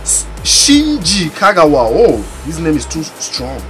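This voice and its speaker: A man giving excitable pack-opening commentary for a video game, exclaiming and shouting over each pick. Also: high-pitched, measured pace, few pauses, faint music behind. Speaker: gaming YouTuber.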